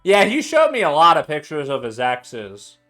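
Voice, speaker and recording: A man's voice: a little high, huge pitch swings, moderate pace, fairly bright tone, faint music behind. A young man chatting casually at his home bar, tipsy, loose and profane, laughing a lot. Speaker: streamer making cocktails. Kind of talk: casual chat.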